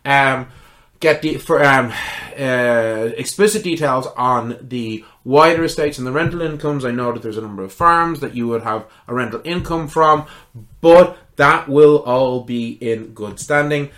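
A man voicing a cheerful, chatty noblewoman friend who talks briskly and eagerly reassures the others. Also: mid-range voice, fairly bright tone, close to an everyday voice.

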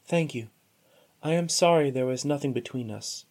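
A man voicing a soft-spoken young noblewoman. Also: mid-range voice, moderate pace, close to an everyday voice. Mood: gentle. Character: gentle young noblewoman, kind but firm.

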